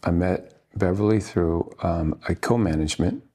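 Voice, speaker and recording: An actor guest from Washington State, USA, tells his story in a reflective interview. His low voice is husky and mellow. He speaks haltingly and earnestly, with many pauses.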